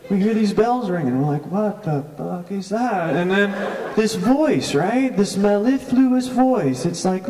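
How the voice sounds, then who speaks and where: A man's voice: high voice, darkish tone. Rambling man telling a story onstage. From Canada. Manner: rambling, keeps asking "right?". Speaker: storyteller in character. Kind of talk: comic storytelling on stage. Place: theatre stage. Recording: echoey theatre from far off, audience. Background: audience.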